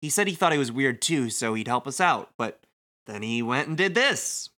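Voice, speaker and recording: An apologetic, self-doubting young woman from a video game, read aloud by a man. Her lines come out plain and bright-toned, close to a normal speaking voice. The delivery is unhurried and sincere. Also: medium pitch, expressive. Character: young woman, anxious and self-critical teammate.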